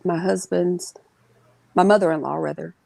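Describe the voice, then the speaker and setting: A woman telling an emotional family story as an interview guest, earnest and halting, sometimes acting out what others said. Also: fairly low pitch, fairly even intonation, creaky, dark tone, no room sound, poor audio.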